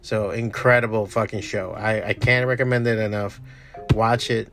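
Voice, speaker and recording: Chatty man, loose profane vlog talk, bursts of excitement then mumbles, soft music under. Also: lowish voice, moderate pace. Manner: profane, enthusiastic, trails off into mumbles. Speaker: comic artist streamer. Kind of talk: casual rambling chat.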